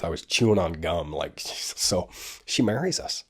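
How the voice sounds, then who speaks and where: A man's voice: low voice, animated, unhurried, a bit bright, slightly rough. A man in his fifties, hosting a show, tells a rambling, self-deprecating story in a casual way, full of asides. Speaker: podcast host.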